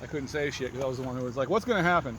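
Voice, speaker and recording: A man's voice: medium pitch, lively intonation, rapid-fire, noisy background. Laid-back co-host man, dry and sweary. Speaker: podcast co-host. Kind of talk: casual chat.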